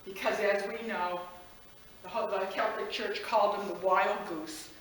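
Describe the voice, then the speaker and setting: A woman's voice: mid-range voice, steady tone, unhurried, slight background noise. Impassioned woman preaching in an echoey room. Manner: impassioned, rising to shouts, with laughs. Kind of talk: passionate sermon.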